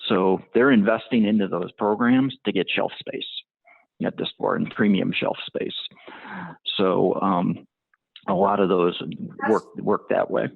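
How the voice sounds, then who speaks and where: Gravelly man on a tinny call. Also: deep voice, fairly even intonation, measured pace, no echo. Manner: hesitant, many ums and restarts. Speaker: tire brand motorsport marketing guest. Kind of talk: interview answers, businesslike. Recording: tinny phone-like line, dry.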